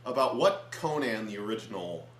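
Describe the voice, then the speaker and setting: A man's voice: lowish voice, lively intonation, normal speed. Earnest man in an echoey room. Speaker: co-reviewer. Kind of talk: casual chat. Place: his home. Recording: echoey room with faint hum.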